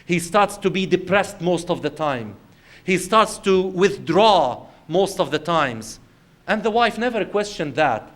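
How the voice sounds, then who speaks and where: A man's voice: sits high, lively intonation, unhurried, fairly bright tone. A man giving an Islamic lecture, telling everyday scenarios in a conversational way and speaking directly to his audience. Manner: conversational storytelling with acted quotes, addresses the audience directly. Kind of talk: lecture to a congregation.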